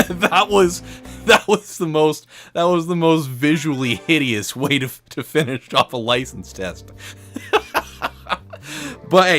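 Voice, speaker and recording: A man's voice: medium pitch, fairly bright tone. A man narrating his racing game session in a loose, rambling storyteller way. His mid-range voice swings up and down a lot as he talks, and faint game music plays underneath. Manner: rambling, storytelling, frequent fillers. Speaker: let's play host. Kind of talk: casual gameplay commentary.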